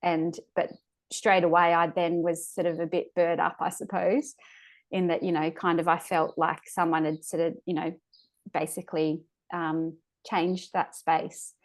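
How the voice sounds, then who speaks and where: Appearing as a podcast guest, a woman tells the story of her own birth experience in a flat, fairly low voice. She halts often, hunting for words and starting sentences over, and at moments seems close to tears.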